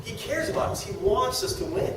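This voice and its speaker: High-voiced excitable man speaking in echoey room. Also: fairly quick. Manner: excitable, repeats words, laughs while talking. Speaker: network marketing speaker. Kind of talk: motivational talk to a live audience. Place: meeting room with an audience. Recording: echoey room, distant mic, background noise.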